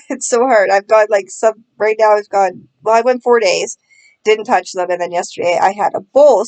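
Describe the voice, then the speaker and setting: A woman's voice: medium pitch, a little mellow. Sarcastic woman chatting with laughs. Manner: sarcastic, self-mocking, laughs often. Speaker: vlogger. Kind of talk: casual chat.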